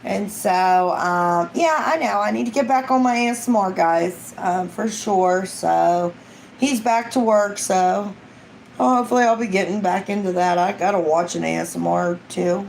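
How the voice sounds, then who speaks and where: Gravelly-voiced woman chatting casually. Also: mid-range voice, measured pace, a little mellow, a little hiss or hum, low-quality recording. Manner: rambling, chatty, acts out quotes. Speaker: ASMR vlogger. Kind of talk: casual live-stream chat.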